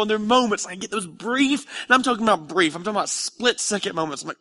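A bright, forceful man's voice carries this sermon, pitched slightly above the usual male range. He is a pastor in his thirties speaking in a church sanctuary, talking to the room conversationally and honestly, then rising into loud, urgent appeals. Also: expressive, fairly quick, gravelly. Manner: conversational and confessional, surging loud and high when emotional.

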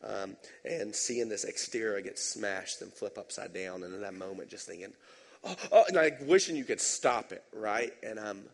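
A man's voice: on the low side, normal speed, gravelly, hardly any pauses. Conversational man preaching in a reverberant hall. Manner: conversational, animated, tag questions. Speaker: pastor. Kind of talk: sermon.

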